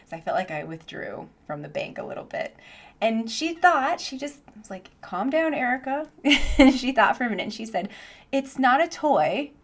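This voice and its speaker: A woman teaching English online, chatting casually in a vlog with lots of "like" and easy laughter, speaking into a boom headset mic from her home office. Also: big pitch swings, a little fast, vocal fry. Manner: chatty, says "like" often, laughs easily.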